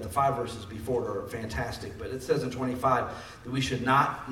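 A man's voice: mid-range voice, a bit bright, far from the mic, a little hiss or hum. A man preaching a sermon in a conversational style, building up emphasis on key phrases. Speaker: pastor. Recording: echoey room, voice from off mic.

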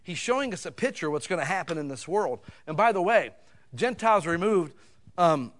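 A man preaches a sermon in a folksy, conversational way. His voice sits fairly high for a man. He swings from loud, emphatic bursts down to quiet asides. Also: lively intonation, fairly quick. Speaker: pastor.

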